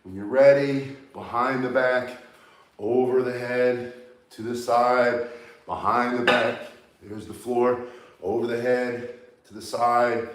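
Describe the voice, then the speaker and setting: A man's voice: mid-range voice, little pitch movement, slow, echoey room, slight background noise. Breathless man coaching a workout. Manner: coaching, talks while moving. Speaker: martial arts instructor. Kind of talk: demonstration tutorial.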